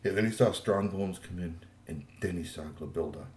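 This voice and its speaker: A man improvising a bedtime story for his child, animated and meandering, in an echoey room. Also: deep voice, normal speed. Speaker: parent telling a bedtime story.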